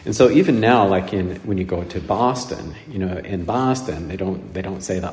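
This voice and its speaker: A man from Nebraska giving a conversational homily, rambling and halting with many restarts and fillers. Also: sits low, a little mellow. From Nebraska, USA. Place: church. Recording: echoey church with long reverb.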